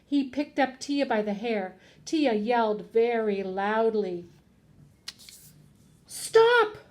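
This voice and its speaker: A woman's voice: fairly high pitch, takes it slowly. A woman teacher reading a children's picture book aloud, acting out the characters and asking her listeners questions. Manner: expressive, acts out voices, asks listeners questions. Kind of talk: children's storybook read-aloud.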